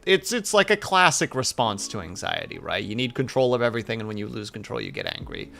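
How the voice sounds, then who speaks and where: A man's voice: fairly low pitch, huge pitch swings, fast talker, creaky, bright, forceful tone. A man streaming, chatting casually and reflectively with viewers, rambling with many fillers.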